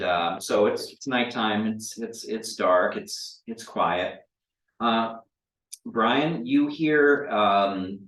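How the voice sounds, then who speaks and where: A man runs a tabletop game as its game master, his voice sitting low. He stumbles through his narration with fillers and restarts. He is heard from off the mic in an echoey room. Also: a bit bright, distant mic. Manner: rambling, halting with many fillers and restarts.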